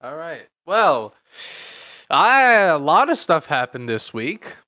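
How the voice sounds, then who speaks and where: A man's voice: a little high, big pitch swings, slow pace, bright, forceful tone, no room sound, clean studio sound. A young man in his late teens, co-hosting a casual chat podcast, rambling with lots of fillers and repeated words. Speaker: podcast co-host.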